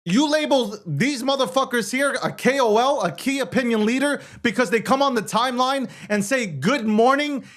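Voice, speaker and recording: A man's voice: very high-pitched, normal speed, hardly any pauses, a bit bright. A man hosting a show, ranting in heated, profane, sarcastic commentary. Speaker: show host.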